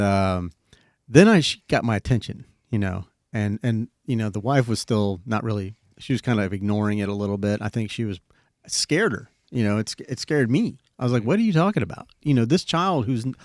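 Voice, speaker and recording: A man's voice: lowish voice, a little mellow, no room sound, studio quality. A middle-aged man hosting a podcast, telling a long story in a rambling, casual way full of fillers and the odd swear. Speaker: podcast host.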